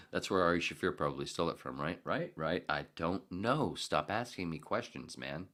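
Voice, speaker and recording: A man's voice: low-pitched, a bit bright. A man hosting a podcast in a casual, profane, joking ramble, often dropping into muttered whispered asides, while in pain from a sore elbow. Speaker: podcast host.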